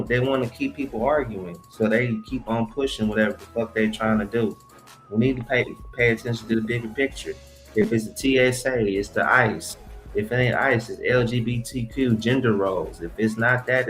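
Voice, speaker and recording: A man's voice: mid-range voice, moderate pace, fairly bright tone, soft background music, poor audio. A man co-hosting a casual podcast, ranting in a heated, profane way. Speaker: podcast co-host. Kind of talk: casual chat.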